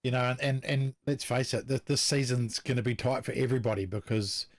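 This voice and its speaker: A man's voice: mid-range voice, fairly even intonation, a little fast, no room sound, studio quality. A man from New Zealand chatting as co-host in a matey, casual way. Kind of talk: casual chat.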